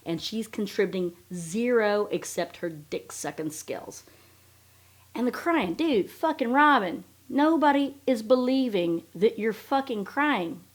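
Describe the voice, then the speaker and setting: A woman hosting a podcast, ranting in a blunt, sarcastic way with lots of swearing. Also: mid-range voice. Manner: blunt, sarcastic and heavily profane. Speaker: podcast host. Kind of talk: casual ranting podcast commentary.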